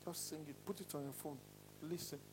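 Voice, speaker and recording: Animated vocal coach, high voice. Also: male voice, a little fast, noisy background. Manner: animated, demonstrating voices with sudden pitch swings. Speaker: singing coach. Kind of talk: voice lesson to a class.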